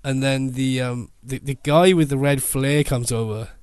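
A man, a photographer telling a lively story in casual chat and laughing often. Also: mid-range voice, a little slow, smooth, dry recording, clean studio sound. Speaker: photographer guest.

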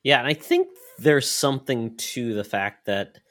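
A man's voice: mid-range voice, unhurried, fairly bright tone. A man co-hosting a casual gaming podcast, thinking aloud with hesitant, repeated words. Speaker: podcast co-host. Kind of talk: casual chat.

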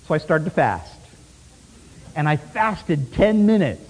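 A man preaching a sermon as a lively story, laughing often and swinging from loud bursts to hushed asides. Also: a little high, slow pace, slight background noise. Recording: long hall reverb.

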